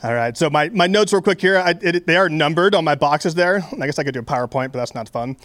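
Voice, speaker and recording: A man's voice: a little high, animated, quick pace, a bit bright, dry recording. A young man giving a casual, conversational sermon, with many fillers and restarts. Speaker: preacher.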